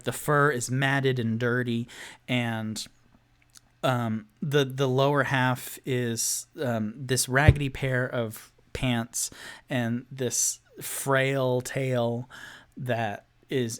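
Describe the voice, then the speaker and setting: A man's voice: medium pitch, clean tone. A man narrating a solo tabletop game as game master, rambling with many fillers and restarts.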